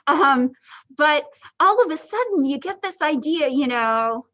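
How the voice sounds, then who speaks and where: Chatty high-voiced woman lecturing. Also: animated, measured pace, a bit bright, rough recording. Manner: chatty, joking asides, lots of ums. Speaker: psychology instructor. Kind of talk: casual livestream lecture.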